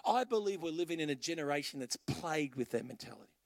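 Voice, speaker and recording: A man's voice: fairly high pitch, animated, fast, no echo, studio quality. A middle-aged Australian man preaching a sermon as pastor, telling stories in punchy, conversational phrases.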